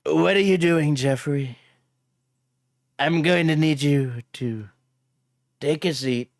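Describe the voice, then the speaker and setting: Gravelly older blowhard, as a streamer puts him on, slow drawl, dry close sound, comic accusing bluster. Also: male voice, fairly high pitch, no echo. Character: blustering older male predator catcher, Trump impression. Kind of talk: comic impression.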